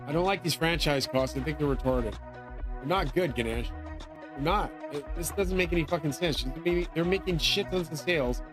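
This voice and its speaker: A man delivers a meandering, expletive-heavy rant to his viewers. His voice runs somewhat high for a man, and he swings between bluster and grievance. Faint music plays behind him. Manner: angry, swearing, grandiose ranting. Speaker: channel host. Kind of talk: profane rambling monologue.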